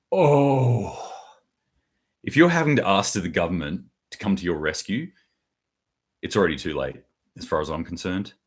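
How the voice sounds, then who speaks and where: A middle-aged man hosting a solo news commentary, blunt and sarcastic, acting out quotes in mock voices. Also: low-pitched.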